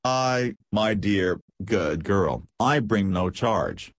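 Man reading as scheming older aristocratic lady, drawling, mocking, husky low voice, dry sound. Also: expressive, drawn-out words, no room sound, heavily acted. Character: scheming aristocratic older woman, sweetly scornful. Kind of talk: audiobook character reading.

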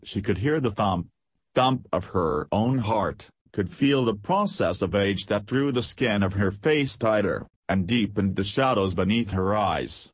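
Male narrator, husky, low, measured, dry close sound. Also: animated, no echo. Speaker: audiobook narrator. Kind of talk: scripted narration.

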